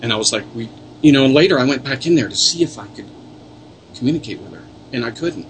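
This paranormal investigator talks fast and animatedly in a mid-range voice, the background noisy. Chatting in a relaxed interview, he rambles through sincere stories and keeps starting over.

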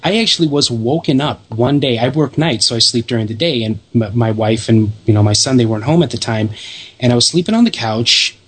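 A man conducts a casual interview at a middle pitch. His questions are inquisitive and wander on at length before they land. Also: fairly quick, slightly rough.

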